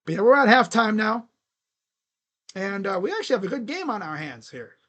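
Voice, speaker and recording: A streamer giving live play-by-play reaction to a basketball game, reading out stats and getting excitable, repeating catchphrases and laughing. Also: medium pitch, brisk. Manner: reads out box score stats.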